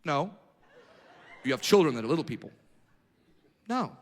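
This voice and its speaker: A man doing a brash, profane stand-up routine on a club stage, building to shouted rants. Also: medium pitch, lively intonation, fairly quick. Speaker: stand-up comedian.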